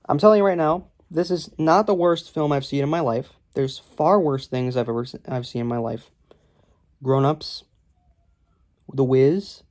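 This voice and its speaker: A man's voice: mid-range voice, darkish tone. A man giving a casual, rambling film review full of sarcasm and ums, recorded at home on a camera propped on his legs.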